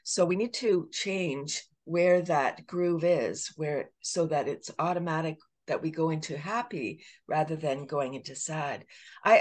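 A woman with a Canadian accent, a laughter coach chatting as a guest, animated and laughing often as she acts out little voices. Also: on the low side. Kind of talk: casual podcast interview.

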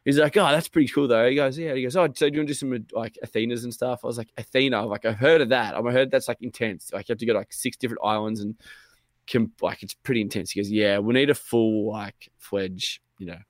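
Young male podcast co-host, casual and animated storyteller, dry close sound. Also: medium pitch, fast talker, dry recording. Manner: animated, swears a lot, acts out quotes.

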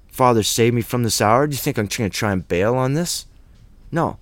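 Man, mid-pitch, blunt emphatic Bible teacher, dry close room; slangy, plainspoken. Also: lively intonation, normal speed, no room sound. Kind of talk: casual Bible study teaching.

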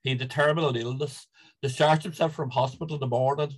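Speaking at a quick pace in a steady, mid-range voice, a middle-aged Irish football supporter appears as a guest and spins casual stories. He rambles, restarts often and chuckles along, and the recording is rough.

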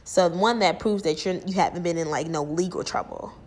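A young woman ranting and gossiping to her viewers in a blunt, profane, animated way. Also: on the low side, a little fast. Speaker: vlogger. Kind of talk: casual rant and gossip.

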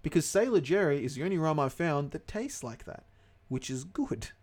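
A man's voice: on the high side, big pitch swings, normal speed, darkish tone. A young man co-hosting a casual podcast, rambling, swearing freely and losing track of names. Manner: rambling, swears a lot, loses his words. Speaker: podcast co-host.

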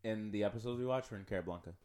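A man's voice: on the low side, very fast, darkish tone. A man co-hosting a podcast in casual chat, talking enthusiastically with lots of filler words. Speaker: podcast co-host.

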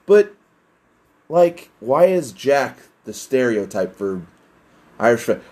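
A young man rambles through a solo podcast at an unhurried, drawn-out pace. His voice sits in a middle pitch, and he swears freely and pokes fun at himself as he drifts between stories. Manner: rambling, heavy cussing, self-deprecating. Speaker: podcast host. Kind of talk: casual solo podcast rant.

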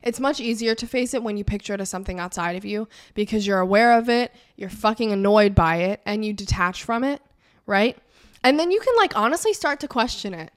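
A woman's voice: mid-range voice, a little fast. A young woman hosting a self-help podcast, giving frank, casual advice with a lot of swearing and acting out the lines she imagines saying. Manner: frank, profane, animated, acts out imagined dialogue. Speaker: podcast host and life coach.

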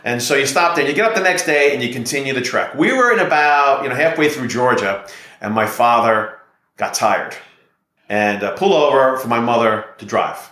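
A man's voice: mid-range voice, animated, a little fast, sharp tone, reverberant. A middle-aged man, a real estate investor and podcast guest, talking in a confident, persuasive way. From United States. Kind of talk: podcast interview storytelling.

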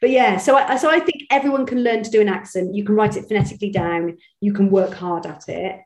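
A woman's voice: medium pitch, quick pace, darkish tone. Chatty woman in an echoey room. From Bristol, England. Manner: chatty, self-deprecating, many restarts. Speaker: voice actress guest. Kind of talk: casual interview chat.

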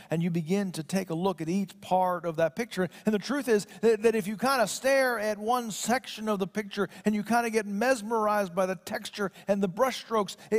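Man preaching with a higher voice. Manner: slow solemn scripture reading; conversational preaching with restarts. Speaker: pastor. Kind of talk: sermon.

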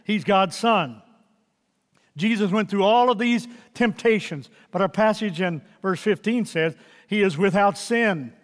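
An older man preaching a sermon as pastor, earnest, sometimes dropping to a soft hush. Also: high voice, unhurried, big-room sound.

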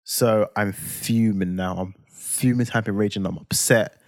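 Man, London accent, 20s, podcast co-host, animated storyteller, dry close-miked voice. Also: on the low side, a little slow, no echo. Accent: London English. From England. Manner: animated, swears freely, acts out heated quotes. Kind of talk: casual storytelling chat.

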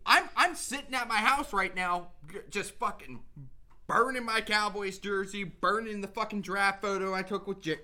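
A woman co-hosting a casual sports podcast, ranting in an animated, profane way and laughing often. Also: mid-range voice, normal speed. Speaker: podcast co-host.

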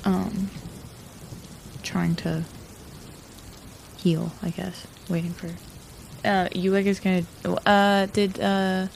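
A woman playing a tabletop role-playing game, speaking in a hesitant, halting way with many fillers. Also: mid-range voice, flat delivery, creaky, slight background noise. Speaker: player. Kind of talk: casual tabletop game talk.

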